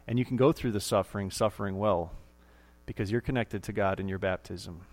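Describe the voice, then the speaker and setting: A man's voice: on the low side, a little fast. A man preaching a sermon in a church, emphatic and repeating key phrases. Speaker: pastor.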